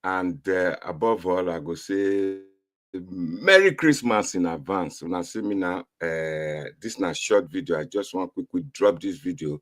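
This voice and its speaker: Nigerian pidgin guy, super low voice, chatty commentary, keeps saying my people. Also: unhurried. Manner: emphatic, repetitive, addresses viewers as "my people". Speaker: online political commentator. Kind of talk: casual direct-to-camera commentary.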